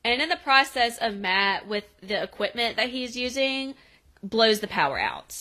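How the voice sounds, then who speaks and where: A woman's voice: fairly high pitch, lively intonation, sharp tone, low-quality recording. Woman recapping a show, acting out lines. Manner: acts out the characters' lines in quick voices while retelling. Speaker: podcast co-host. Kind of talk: casual episode recap.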